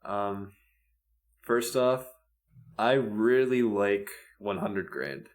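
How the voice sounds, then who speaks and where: A man's voice: lowish voice, very slow. Laid-back young man, easy laugh. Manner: laid-back, laughs often, swears casually. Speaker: podcast co-host. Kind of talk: casual chat.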